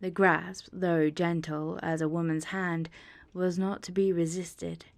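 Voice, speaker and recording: A woman narrating a classic tale as a bedtime audiobook in a calm, measured reading voice. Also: fairly low pitch, vocal fry. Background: soft ambient music.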